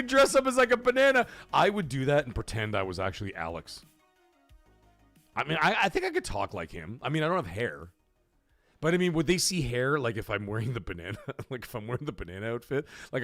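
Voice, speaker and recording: A man hosting a late-night gaming livestream, chatting loosely, swearing freely and reading out and thanking viewers from the chat. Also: medium pitch. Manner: animated, profane, thanks viewers and reads chat aloud. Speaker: livestream host.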